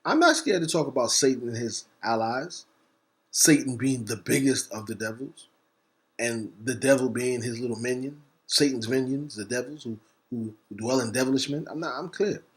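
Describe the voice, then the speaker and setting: Guy going off in a passionate rant, spells stuff out letter by letter, fast then slow. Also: medium pitch. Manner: emphatic, preacher-like, spells words out letter by letter; bursts of fast talk between slow stressed words. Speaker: host. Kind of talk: impassioned monologue.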